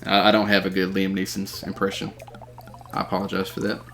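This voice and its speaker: A man streaming live gameplay, excitedly calling out plays and reading chat messages aloud. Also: low-pitched, fairly quick, noisy background. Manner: excitable, shouting out game callouts. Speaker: gaming streamer.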